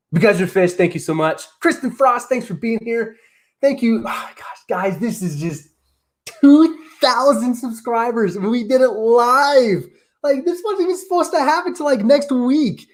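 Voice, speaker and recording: A man hosting a casual live stream, talking in an excitable, rambling way full of "like". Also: high voice. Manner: excitable, rambling, heavy use of "like". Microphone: streaming setup on camera.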